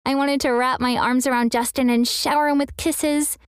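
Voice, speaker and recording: A young woman with a slightly high voice tells a scripted first-person story. She reads in an earnest way and gives the quoted lines a little acting. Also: steady tone, moderate pace, smooth, no echo, clean studio sound.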